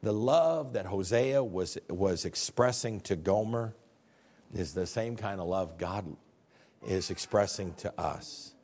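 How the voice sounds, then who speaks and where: A male pastor preaching a sermon with passion, dropping to quiet then rising to shouts, often repeating words as he builds. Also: sits low, takes it slowly, husky. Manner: repeats words when fired up.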